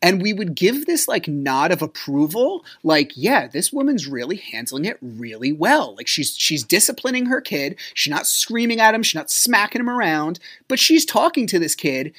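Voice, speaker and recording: A man hosting a podcast, telling a personal story in a rambling way, full of "like", sometimes dropping to a low murmur. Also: very animated, normal speed, few pauses, pushed and bright. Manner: rambling, frequent filler "like". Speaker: podcast host.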